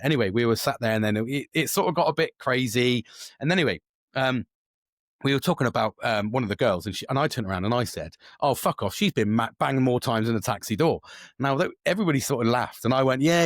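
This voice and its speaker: A man talks quickly and loosely into a close mic, circling back on himself with restarts and plenty of swearing. The room sounds dry and close. His voice sits at an ordinary middle pitch for a man. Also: no room sound. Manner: rambling, swears freely, frequent restarts. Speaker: podcast host. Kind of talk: casual solo podcast monologue.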